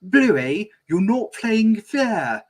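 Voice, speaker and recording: A man voicing a young girl cartoon dog, in a high, whiny put-on voice while reading fan fiction. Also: very animated, drawn-out words, exaggerated voice.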